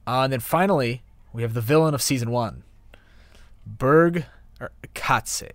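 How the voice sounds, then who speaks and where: Young male host, relaxed and hesitant delivery, dry, roomless sound. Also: medium pitch, unhurried, no echo. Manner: easygoing, hesitant, many fillers. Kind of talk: casual anime review chat.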